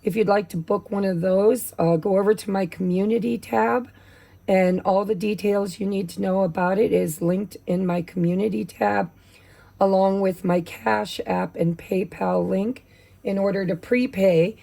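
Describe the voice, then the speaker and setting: A woman with a gravelly voice, losing her voice from allergies, doing a chatty, casual tarot reading. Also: mid-range voice, fairly even intonation, unhurried, mellow. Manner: chatty, with many fillers. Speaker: tarot reader.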